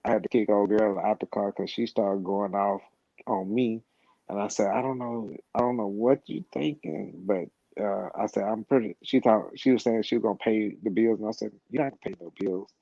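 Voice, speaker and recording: A man's voice: on the low side, normal speed, creaky, no room sound. A middle-aged man telling a long story in casual, rambling talk, profane and full of repeated words and restarts. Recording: slightly dull, lo-fi sound.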